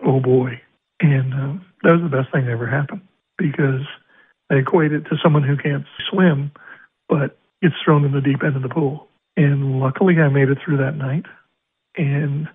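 An older racetrack announcer from Arizona tells stories in an interview, his gravelly, husky voice sitting a little high for a man. He animatedly acts out both sides of each quoted conversation, heard over a thin, phone-like radio line.

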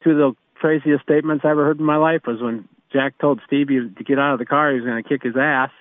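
A man's voice: medium pitch, steady tone, quick pace, no room sound. A man who works as a race car mechanic, telling rambling stories and chuckling as he goes. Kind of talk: anecdotal storytelling. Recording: phone-line interview.

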